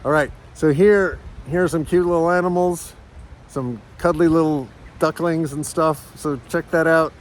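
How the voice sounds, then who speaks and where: A farm church minister in middle age speaks at a normal pace, chatting casually on a windy farm. He also coos at his animals in high-pitched baby talk.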